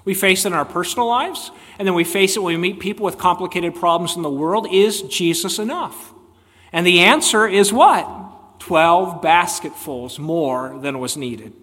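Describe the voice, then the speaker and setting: A male pastor with a fairly high voice delivers an emphatic sermon, pressing his listeners with rhetorical questions. His voice rings out with a long reverb, as in a church sanctuary. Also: normal speed, a bit bright.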